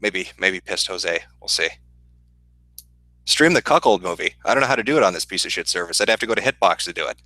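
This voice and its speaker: Profane deadpan Midwestern man, low voice. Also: fairly quick, no echo, rough recording. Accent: Midwestern American. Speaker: livestream host answering chat. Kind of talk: casual livestream Q&A.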